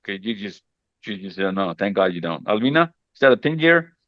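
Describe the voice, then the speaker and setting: A man's voice: lowish voice, big pitch swings, brisk, dry recording, lo-fi sound. A man hosting a casual group chat with teenagers, teasing and reassuring them and often repeating himself. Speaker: mentor hosting a session with teenagers.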